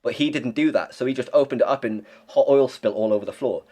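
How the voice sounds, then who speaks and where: A man's voice: mid-range voice, quick pace, mellow. Young man, podcast guest; blunt, rambling, casual swearing. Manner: rambling, blunt, swears freely, many restarts. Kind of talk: casual chat.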